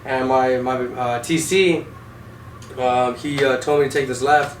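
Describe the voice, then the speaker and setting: A man's voice: mid-range voice, steady tone, unhurried. A young man, an Army vehicle driver, telling war stories casually with heavy swearing, in an echoey room. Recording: echoey room, distant mic, faint noise.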